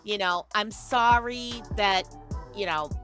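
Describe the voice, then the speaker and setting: A woman's voice: medium pitch, slow pace, fairly bright tone, soft background music. A woman co-hosting a casual live chat with teasing, dry banter. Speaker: co-host.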